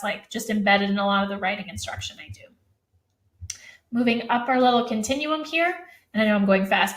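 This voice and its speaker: A woman teacher giving a fast, chatty live-stream presentation to other teachers, full of fillers. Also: mid-range voice, fairly bright tone, echoey room.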